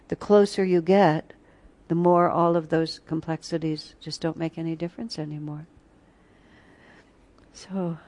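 Here a woman with a low, mellow voice teaches a retreat class on spiritual themes. She moves through stories, laughs along the way, and now and then sings a few lines.

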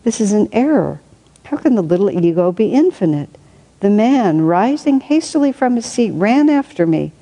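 A woman reading aloud from a spiritual book and adding her own reflective commentary, thinking aloud with soft laughs. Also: medium pitch, very animated, normal speed, poor audio.

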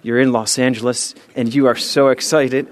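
A man tells stories with a playful, self-deprecating touch as he gives his sermon. He guides the listeners through an exercise and a quiet moment of meditation. His voice sits at an ordinary middle pitch. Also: little pitch movement, moderate pace, a little hiss or hum. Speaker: speaker at a spiritual service.

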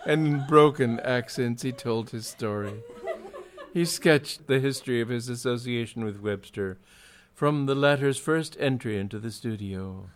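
A man reading a comic story aloud in dry, measured narration with wry timing. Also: medium pitch.

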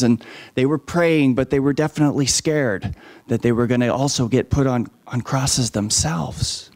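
A man telling a story to children, animated and asking the listeners questions along the way. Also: mid-range voice, moderate pace.

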